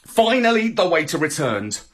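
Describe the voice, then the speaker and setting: A man narrating a children's story in an expressive, theatrical way. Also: on the high side, normal speed. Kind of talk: scripted narration.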